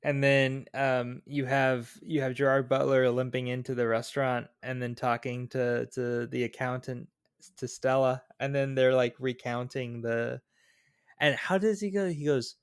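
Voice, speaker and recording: A man co-hosting a podcast, chatting casually about a film in a relaxed, slightly halting way. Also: mid-range voice, smooth, no echo, clean studio sound. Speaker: podcast co-host.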